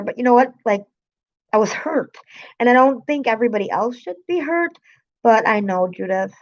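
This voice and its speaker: A woman's voice: medium pitch, a little fast. Upset woman venting on a lo-fi stream. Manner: upset, emotional, swearing, greeting viewers by name. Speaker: live streamer. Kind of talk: venting to live chat.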